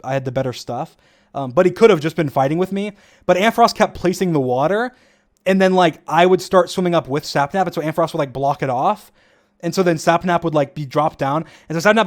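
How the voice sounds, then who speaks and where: A man's voice: fairly high pitch, fast. Brief: young male streamer, slightly raised voice, rambling casual commentary, chuckles often. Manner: rambling, restarts, frequent chuckles.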